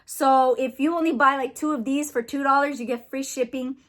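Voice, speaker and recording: A woman vlogging casually, talking herself through her nerves in a chatty, excitable way. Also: high-pitched, a little fast. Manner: nervous, chatty, self-encouraging. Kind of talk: casual vlog.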